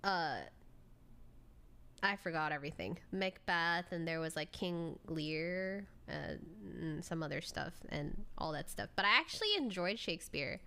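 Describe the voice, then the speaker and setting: A woman's voice: on the low side, animated, unhurried, pushed and bright, smooth. A young adult woman streamer chatting casually, telling stories with frequent laughs and casual swearing. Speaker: streamer reacting to a video. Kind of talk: casual chat.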